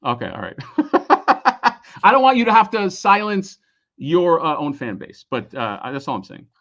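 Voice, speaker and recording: A man in casual podcast chat who gets excitable, swears often and stumbles over his words. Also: high-pitched, unhurried, muffled recording. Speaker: podcast guest, toy creator.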